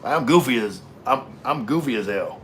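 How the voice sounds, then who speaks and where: A man's voice: mid-range voice, lively intonation, normal speed, a bit bright, slight background noise. Laid-back, slangy man chatting on a stream. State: drinking. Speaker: livestream host reading chat. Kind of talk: casual livestream chat.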